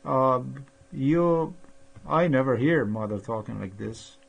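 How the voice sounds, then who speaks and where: A man in a rambling personal monologue, halting with many pauses and fillers, sounding aggrieved and accusatory. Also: mid-range voice, lively intonation, creaky, muffled recording. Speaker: vlogger.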